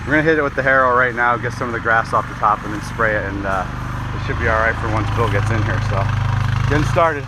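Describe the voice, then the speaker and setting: Road and outdoor noise are clear behind a hunting show host as he narrates a casual vlog at a quick pace. His mid-range voice carries a plain, easygoing style with a self-deprecating streak.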